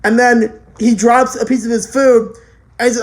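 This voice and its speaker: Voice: mid-range voice, moderate pace. An anime reviewer giving a casual, rambling spoken review, full of restarts and offhand swearing.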